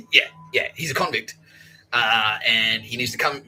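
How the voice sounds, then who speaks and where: A man's voice: medium pitch, expressive, a little slow, pushed and bright, low-quality recording. A man hosting a podcast, talking in a profane, laughing, rambling monologue. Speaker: podcast host.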